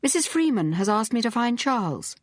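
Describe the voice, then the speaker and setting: A woman voicing a brisk, witty young society woman detective with a crisp, commanding manner in an audiobook. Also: on the high side, sing-song, no echo, studio quality, pitched above the performer's own voice.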